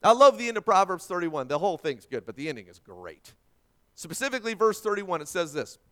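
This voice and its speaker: A male pastor preaching a sermon, quoting scripture and swinging from forceful emphasis to hushed tones. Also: high-pitched, very animated, a little fast.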